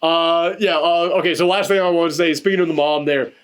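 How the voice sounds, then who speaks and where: A man's voice: on the high side, steady tone, brisk, fairly bright tone, clean tone. A man hosting a casual film review chat, rambling and laughing often while sitting on a couch. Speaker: podcast host reviewing films.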